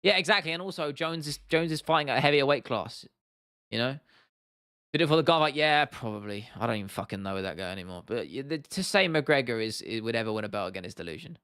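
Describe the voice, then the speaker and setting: A young man chatting on a livestream, giving blunt, opinionated takes and swearing freely. He often stops and restarts mid-sentence. His voice sits at an ordinary pitch and sounds close and dry, with no room around it. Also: lively intonation, fast talker, a bit bright, clean tone, no echo. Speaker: livestream host. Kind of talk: casual livestream chat answering viewers.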